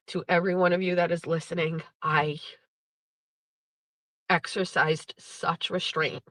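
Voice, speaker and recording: A woman's voice: fairly low pitch, fairly bright tone, no echo, low-quality recording. A woman host in her thirties, candidly telling a personal story with blunt, profane, emotional language. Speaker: podcast host.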